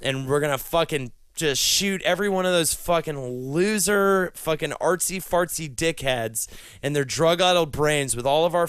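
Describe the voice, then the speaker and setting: A man delivering a rambling, profane comedy monologue, a podcast co-host who swings from low mutters to shouted rhyming rants. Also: no room sound. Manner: crude, profane stream-of-consciousness ranting; drops low and gravelly, then shouts and chants in rhymes.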